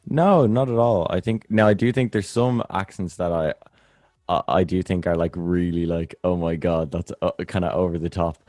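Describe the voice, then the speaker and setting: Host: young Irishman, deep voice, relaxed and halting, dry close sound. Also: no echo. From Ireland. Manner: easygoing, hesitant restarts. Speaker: podcast host. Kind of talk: casual chat.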